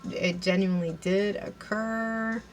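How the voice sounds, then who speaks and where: A woman's voice: medium pitch, steady tone, slow, a little hiss or hum, poor audio. A woman giving a casual recap and review of a TV episode, chatty and giggly, with lots of fillers and restarts.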